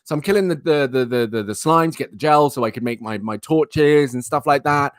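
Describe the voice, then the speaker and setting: A man's voice: medium pitch, a little fast, dry recording, studio quality. A young man hosting a live talk stream, telling a rambling, exasperated story and repeating himself for emphasis. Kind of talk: casual ranting anecdote.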